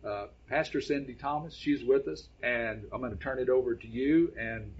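A man hosting and introducing a guest speaker in a relaxed, rambling way. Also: medium pitch, moderate pace, husky. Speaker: host. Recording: dull lo-fi sound.

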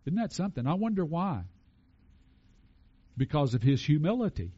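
A man's voice: on the high side, very animated, normal speed, warm tone, slightly rough, dull audio. A man preaching a conversational sermon and asking his congregation questions. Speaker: pastor.

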